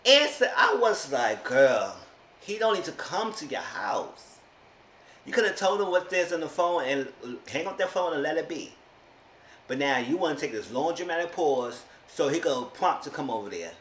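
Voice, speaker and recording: A man giving a casual, sassy recap of a reality show, exasperated and often mimicking the people he talks about. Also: fairly high pitch. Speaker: TV show reviewer. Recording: echoey room with faint noise.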